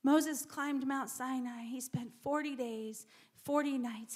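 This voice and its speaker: A woman's voice: high-pitched, fairly even intonation, slow, a little mellow. A woman preacher giving a sermon in a church, repeating words and dropping to whispers for emphasis.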